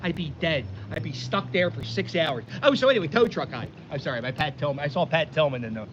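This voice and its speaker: A Philadelphia vlogger tells a rambling, exasperated story outdoors by the water on a windy day. He talks fast in a fairly high, expressive, somewhat bright voice, and the audio sounds dull.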